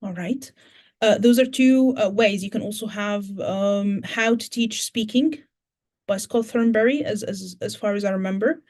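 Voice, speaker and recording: Speaking at a normal speed in a mid-range, darkish voice, this British-accented woman trains teachers and fields audience questions at an online conference. She walks through her answers in steps, often using fillers and restarting.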